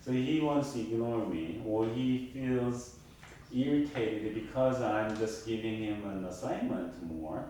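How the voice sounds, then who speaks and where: Slow, emphatic male lecturer in echo. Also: fairly low pitch, warm tone, slight background noise. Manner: emphatic, repeats points, checks in with the class. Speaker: university lecturer. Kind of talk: classroom lecture. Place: lecture room. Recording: very echoey room, mic far off.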